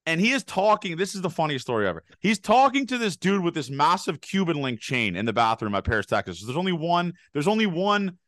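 A man's voice: fairly high pitch, big pitch swings, a bit bright, no room sound, studio quality. A young man telling a rambling, laughing story on a casual podcast. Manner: rapid rambling anecdotes, laughing, swearing. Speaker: podcast co-host.

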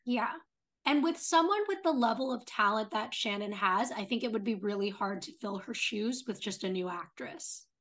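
A woman's voice: mid-range voice, animated, moderate pace, fairly bright tone. Young woman podcast cohost, eager and opinionated, lots of "like". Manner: enthusiastic, opinionated, leans on 'like'. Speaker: podcast co-host. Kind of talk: casual chat.

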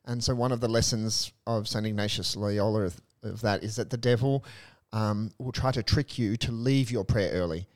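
A young adult male priest in casual faith discussion, earnest and animated, telling stories with a touch of humor. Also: on the low side, moderate pace, few pauses. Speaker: Catholic priest, co-host.

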